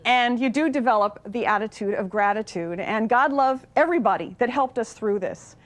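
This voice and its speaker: A woman's voice: on the high side, moderate pace. A woman in her forties performing a stand-up comedy routine with punchy, wry joke delivery. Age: 40s.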